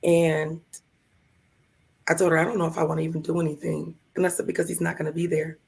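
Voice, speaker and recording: A woman co-hosting a live show, telling a heartfelt personal story in a gravelly, hoarse voice and acting out the other people in it. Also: low-pitched, little pitch movement, fast talker, darkish tone. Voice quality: gravelly, hoarse from vocal cord lesions. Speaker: podcast co-host.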